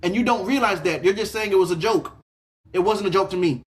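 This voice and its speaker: Excitable young man ranting in reaction. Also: fairly quick. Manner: excitable, repeats himself, swears freely, swings from loud outbursts to low mutters. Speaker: host reacting to online stories. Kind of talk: casual reaction commentary and reading aloud.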